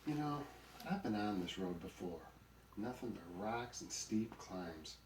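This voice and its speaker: A man's voice: lowish voice, lively intonation, measured pace, darkish tone, a little hiss or hum. A man voicing a grumpy, greedy male donkey in a storybook, grumbling and sarcastic. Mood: irritated. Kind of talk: storybook character voice. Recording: roomy recording, mic at a distance.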